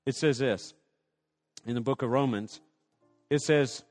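A man's voice: mid-range voice, measured pace, pauses often, darkish tone, long reverb tail, soft background music. A man preaching a sermon as pastor, passionate, acting out prayers and little dialogues.

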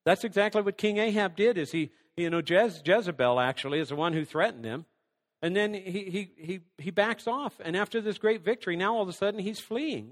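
A man's voice: high voice, lively intonation, moderate pace, fairly bright tone, in a large hall. A man preaching a sermon, reading scripture aloud and then working through numbered points, sometimes dropping almost to a whisper. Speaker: pastor.

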